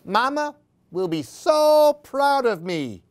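A woman voicing a proud little boy chick from a storybook who panics and cries out in a squeaky, excited voice. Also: slow pace, full character voice. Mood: hushed.

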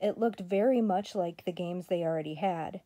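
An older woman, a grandmother, reading a children's story aloud in a steady, expressive way. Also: fairly low pitch, normal speed.

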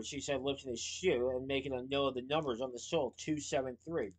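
A man reading a children's novel aloud, lively, with small slips and playful asides. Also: medium pitch, fairly quick, hardly any pauses. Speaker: storyteller.

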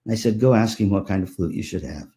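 A man's voice: lowish voice, lively intonation, quick pace, warm tone, slight background noise. A man giving a conference keynote, telling stories playfully and acting out family members' voices. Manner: playful, jokes with audience. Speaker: keynote speaker.

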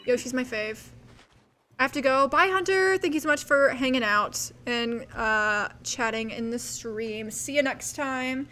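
High-voiced giggly woman streamer. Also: measured pace. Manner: excitable, giggly, squeals with delight; reads chat aloud and answers viewers. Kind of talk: casual live-stream chat while gaming.

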